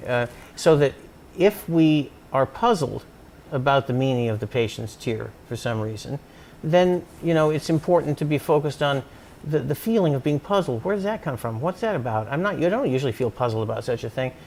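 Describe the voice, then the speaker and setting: A man in a recorded interview talks through his ideas at an even pitch. He stumbles and restarts often as he reaches for the right words, building his point with examples. Faint noise hums under the recording. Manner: halting, many restarts, explains with examples. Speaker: psychoanalyst interviewee. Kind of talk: thoughtful conversational interview.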